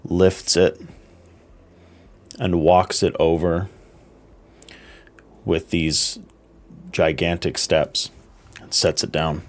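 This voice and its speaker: A man narrating as game master in a slow, measured, descriptive way. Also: low voice, little pitch movement.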